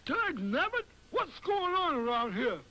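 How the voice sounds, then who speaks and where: An actor voicing a folksy, slow-witted male dog sheriff in a cartoon, with a drawl and folksy exclamations. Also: very high-pitched, very animated, very noisy, heavily acted. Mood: grumpy. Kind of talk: 1960s TV cartoon voice acting.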